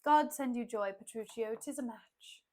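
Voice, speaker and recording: A woman's voice: fairly high pitch, normal speed, dark tone, pitched below the performer's own voice, close to an everyday voice. A woman reading a grave old father. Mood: solemn. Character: older father blessing a match, solemn. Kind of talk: dramatic reading of a play.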